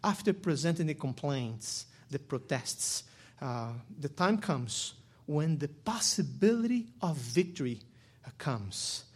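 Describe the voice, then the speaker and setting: A man delivers a sermon from the pulpit in a somewhat high, husky voice. He drops into quiet, low reflection, then rises to loud, emphatic preaching. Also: sing-song, takes it slowly. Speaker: pastor.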